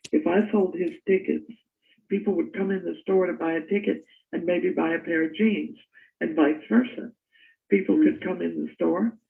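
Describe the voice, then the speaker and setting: Gravelly older woman on a tinny line. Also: lowish voice. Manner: animated storyteller, laughs while telling. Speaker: interview guest. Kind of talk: casual storytelling.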